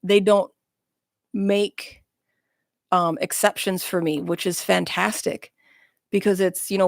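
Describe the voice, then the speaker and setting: A woman's voice: on the low side, steady tone, unhurried, pauses often, no room sound. A woman guest speaking frankly and bluntly in a casual interview chat, with self-mocking humor, in a small studio.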